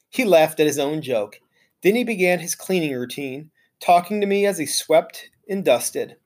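A man's voice: a little high, moderate pace. Man reading a children's book aloud. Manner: expressive, storytelling. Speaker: teacher.

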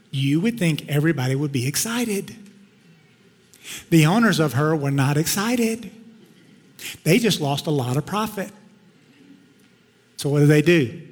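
Man preaching in a reverberant church. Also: a little high. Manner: conversational storytelling, emphatic. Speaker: pastor. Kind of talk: sermon. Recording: long hall reverb.

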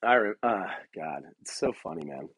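Husky, cursing man ranting solo. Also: low voice, lively intonation, fairly bright tone, no echo. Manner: profane, rambling, laughs often; halting, many restarts and fillers. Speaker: podcast host. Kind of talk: rambling solo rant.

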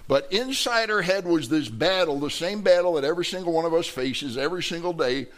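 A middle-aged male pastor with a Wisconsin accent, preaching a sermon and acting out the people he quotes with lively storytelling. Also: a little high, brisk.

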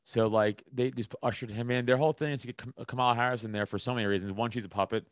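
A man's voice: medium pitch, fairly even intonation, no room sound. Blunt, opinionated male comedian guest. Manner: blunt, opinionated, halting with restarts. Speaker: stand-up comedian, podcast guest. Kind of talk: casual podcast chat.

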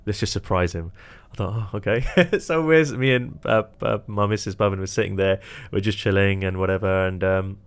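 A young man, a magician, casually telling animated stories and quoting people, laughing often. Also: lowish voice, fairly quick, few pauses, clean tone. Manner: animated storyteller, quotes others, laughs often. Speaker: magician and entertainer. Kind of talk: casual chat.

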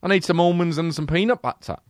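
A man putting on a high, affected British accent to play a self-satisfied male actor who is cast as a mobster. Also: fast talker, no room sound, clean studio sound, close to an everyday voice. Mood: pompous. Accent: British, put on.

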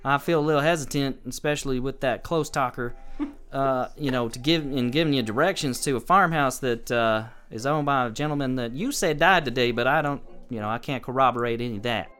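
A man's voice: medium pitch, brisk, hardly any pauses, fairly bright tone, clear, resonant tone, soft background music, lightly acted. A man voicing a folksy, wary small-town woman who talks in a casual country drawl.

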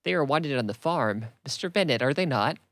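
A man voicing an excitable, fussy middle-aged mother in a classic novel reading, raising his pitch a little. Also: a little fast, no echo. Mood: coaxing.

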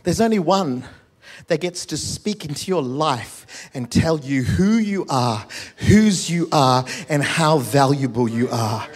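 A man's voice: fairly high pitch, expressive, takes it slowly, breathy edge. A male pastor preaching a sermon, urging the congregation with call and response and joking asides.

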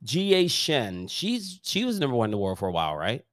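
A man's voice: mid-range voice, huge pitch swings, fairly quick, a bit bright, no echo, studio quality. Podcast co-host, male, mid-range voice, talks in eager bursts. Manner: enthusiastic, rambling, trails off mid-thought. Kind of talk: casual golf chat.

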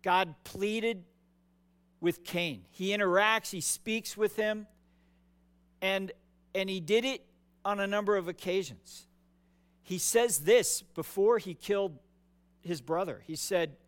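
A man's voice: high-pitched, takes it slowly, long pauses. A man preaching a sermon as pastor, conversational and emphatic, often repeating words for stress.

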